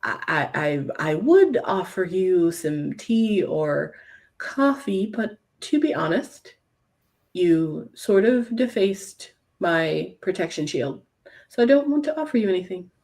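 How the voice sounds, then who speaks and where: A woman's voice: lowish voice, sing-song, slow pace, a little mellow, full character voice. A woman voicing a guarded young man who stammers and hesitates. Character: wary shirtless young man, guarded host.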